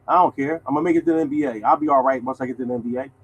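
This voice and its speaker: A man's voice: medium pitch, very fast, muffled recording, slight background noise. A man in his sixties hosting a lottery show, talking bluntly and swearing, speaking. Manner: animated, blunt, swearing, addresses audience as y'all. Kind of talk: casual monologue to viewers.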